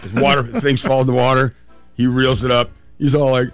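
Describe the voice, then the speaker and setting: A man hosting a talk show, telling a family story in a casual, animated way and laughing often. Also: medium pitch, quick pace, dry recording, soft background music. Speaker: radio host telling a story.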